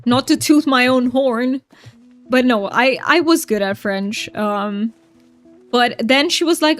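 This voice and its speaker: A woman's voice: sits high, expressive, a little slow, a bit bright. A young woman streaming a game, chatting casually and giggling as she reads out her chat.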